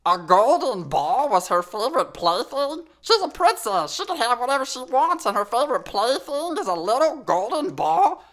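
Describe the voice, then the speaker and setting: A woman plays a silly talking sheep hosting a kids' story show, reading a fairy tale and tossing cheeky, playful asides to listeners. Her voice sits slightly high with wide pitch swings and a fairly bright tone, moving at a moderate pace with few pauses, all in a chatty mood.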